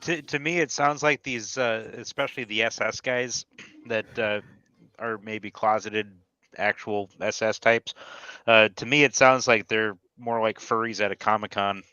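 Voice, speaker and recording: A man chatting casually on a podcast, hesitant and filling pauses with "uh". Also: lowish voice, fairly even intonation, pushed and bright, clear, resonant tone, no room sound, lo-fi sound. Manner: hesitant, says uh between thoughts. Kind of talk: casual chat.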